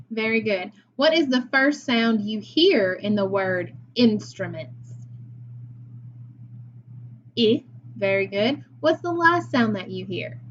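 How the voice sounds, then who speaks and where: A woman teacher with a somewhat high voice guides young children through a phonics lesson, sounding out words with patience and praise. The recording has its highs cut off and a slight hiss or hum.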